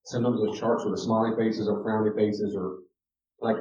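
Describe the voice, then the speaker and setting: Male speaker, mellow timbre, emphatic teaching delivery, distant dull room recording. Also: lowish voice, steady tone, fast talker. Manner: emphatic, repeats key words, addresses listeners directly. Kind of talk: teaching talk to an audience. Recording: roomy, distant, dull lo-fi sound.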